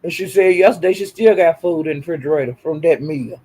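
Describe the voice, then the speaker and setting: A man giving animated, profane livestream commentary, repeating phrases for emphasis. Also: fairly high pitch, fast, husky. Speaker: online commentator.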